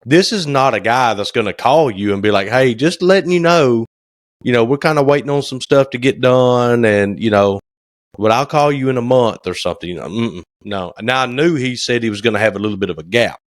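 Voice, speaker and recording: A man's voice: medium pitch, brisk, dry recording, clean studio sound. Folksy man telling a story. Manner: folksy storyteller, acts out phone calls. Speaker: podcast co-host, cabinet maker. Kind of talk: casual chat.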